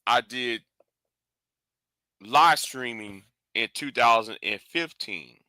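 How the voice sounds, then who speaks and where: Man, slow deliberate talk, bright forceful tone, blunt live stream commentary, dry close mic. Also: medium pitch, dry recording. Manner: blunt, confrontational, with restarts and repeated words.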